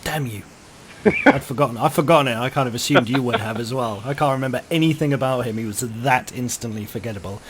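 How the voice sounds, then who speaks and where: A man's voice: medium pitch, fast talker. Man, podcast host, casual chat, blunt, jokey, casual swearing, faint background noise.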